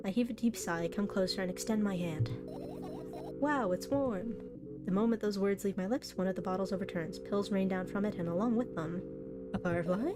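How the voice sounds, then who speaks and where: A woman's voice: mid-range voice, brisk. A woman streamer reading a visual novel aloud, breaking into chatty, giggly asides between the lines. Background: soft background music.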